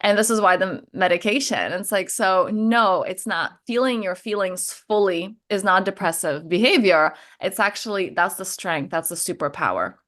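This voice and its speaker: Chatting candidly over a video call, this middle-aged transformation coach keeps the spiritual conversation casual, full of fillers and easy laughter. She has a slightly bright, medium-pitched voice and an animated delivery at a moderate pace with hardly any pauses.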